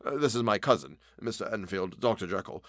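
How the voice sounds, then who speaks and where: A man voicing an earnest, good-natured male lawyer who speaks with brisk concern. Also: fairly low pitch, lively intonation, no room sound, clean studio sound.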